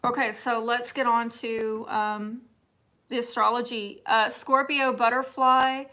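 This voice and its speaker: Bright-voiced Southern woman chatting live. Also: a little high, level tone, measured pace. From Texas. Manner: chatty and teasing, laughs often, drops to soft asides. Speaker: livestream host reading viewer chat. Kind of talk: casual live chat.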